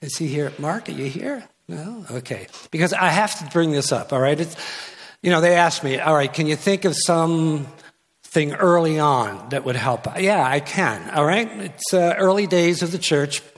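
An older man guest-preaching from a church pulpit speaks at a moderate pace in a voice on the high side. He teases and jokes, restarting and going off on asides, under long church reverb.

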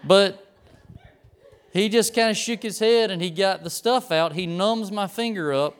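Middle-aged male preacher, animated storyteller with a smooth, fairly high voice. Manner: animated storyteller, acts out the people in his story. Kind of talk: storytelling sermon.

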